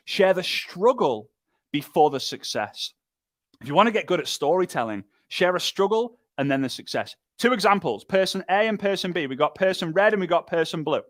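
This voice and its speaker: An energetic man delivers a motivational business talk, pressing his points through repetition and quick impressions. His voice sits somewhat high for a man. The sound is dry and close. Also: dry recording. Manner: energetic, emphatic, lively, with repetition and mimicry. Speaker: speaker and business trainer.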